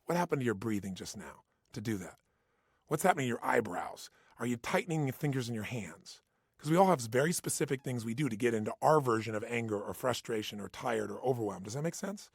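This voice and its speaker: A man's voice: mid-range voice, expressive, fast talker, gravelly, breathy edge, dry recording, clean studio sound. A man giving an intense, emphatic motivational talk, hammering points with punchy repetition. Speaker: motivational speaker. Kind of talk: motivational self-help talk.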